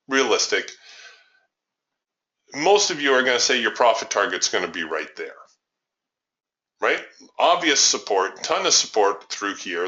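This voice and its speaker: A man's voice: fairly low pitch, pushed and bright. A man teaching a trading webinar over a chart, talking emphatically and asking the audience rhetorical questions. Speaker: trading educator. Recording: muffled lo-fi webinar audio.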